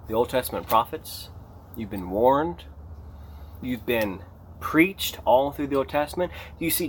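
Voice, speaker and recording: Male pastor preaching off the cuff, expressive delivery with big pitch swings, faint hiss behind. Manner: animated, emphatic, rising to a near shout on key points. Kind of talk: unscripted sermon.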